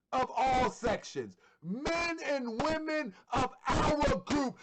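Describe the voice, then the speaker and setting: A man's voice: very high-pitched, sing-song, slow, very noisy. A man hosting an online show, giving fervent religious commentary and repeating phrases for emphasis. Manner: fervent, sometimes shouting.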